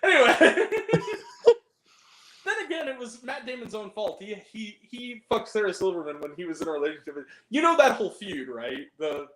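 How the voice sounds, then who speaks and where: A man's voice: high voice, big pitch swings, fast, hardly any pauses, sharp tone, roomy sound. A man hosting a movie review podcast, chatting casually in a rambling, profane way, full of fillers and giggles. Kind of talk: casual chat.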